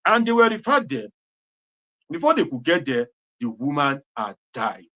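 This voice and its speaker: A man's voice: a little high, very animated, normal speed, fairly bright tone. A Nigerian man giving impassioned political commentary, preachy and repetitive, slipping into Pidgin phrases. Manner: preachy, repeats phrases for emphasis, mixes in Pidgin.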